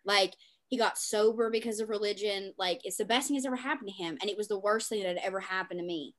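A woman's voice: mid-range voice, fast talker. A woman hosting a podcast in casual chat, swearing freely and fighting back tears as she talks. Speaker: podcast host.

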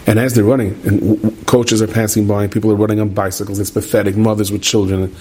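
A man telling a story in an animated way, repeating phrases for effect. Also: lowish voice, fast talker, background noise. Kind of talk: spoken storytelling.

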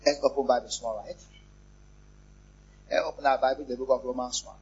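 A pastor, preaching a lively sermon, repeating phrases and joking with the congregation. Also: male voice, medium pitch, a little fast, husky. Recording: muffled, lo-fi church recording.

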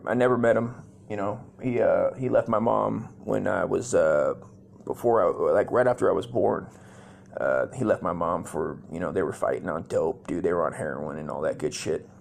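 A man's voice: low-pitched, vocal fry, darkish tone. A man in his forties from Las Vegas, telling crude stories in a loose, rambling way full of cursing, with dude and man at the ends of his lines. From Las Vegas, USA. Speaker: comedy podcast host. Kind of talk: rambling profane storytelling.

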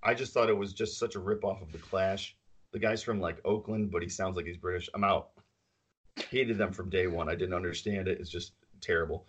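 A man's voice: sits low, fairly even intonation, fairly quick, slightly rough. A man co-hosting a podcast in casual chat, rambling and opinionated, laughing often. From central New York. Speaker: podcast co-host.

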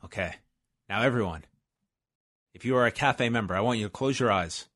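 A man's voice: lowish voice, moderate pace, fairly bright tone. A man co-hosting a podcast, telling rambling, jokey stories in casual chat. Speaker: podcast co-host.

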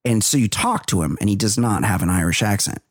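A man's voice: fairly low pitch, fast, breathy edge, no room sound, studio quality. A man co-hosting a casual comedy podcast, rambling and profane as he riffs. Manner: rambling, profane, animated riffing. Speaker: podcast co-host.

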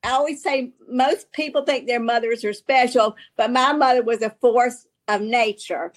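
A woman with a Southern US accent, an author guest telling stories in halting talk with many restarts and laughs. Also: fairly high pitch, fairly even intonation. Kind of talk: casual storytelling talk.

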